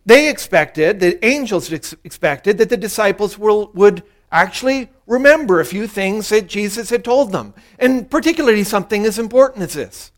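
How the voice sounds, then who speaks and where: A man preaching a sermon as pastor, earnest and repeating his key lines for emphasis. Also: very high-pitched.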